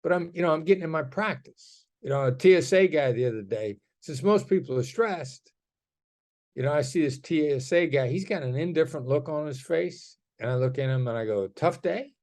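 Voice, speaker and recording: A man's voice: fairly high pitch, animated, fairly quick, darkish tone. A middle-aged man speaking as a guest in a podcast interview, explaining ideas conversationally and acting out tones of voice in his examples. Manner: demonstrative, acts out tone shifts in examples. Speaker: guest, negotiation expert.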